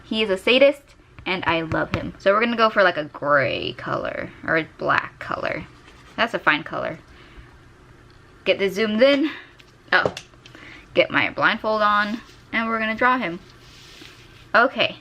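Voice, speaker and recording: A woman's voice: medium pitch, creaky, bright, forceful tone. Young woman rambling while she draws, giggly and gushy, desk mic. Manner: chatty, giggly, gushes over favorite characters. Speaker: art vlogger. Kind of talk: casual chat while drawing. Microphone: desk USB microphone.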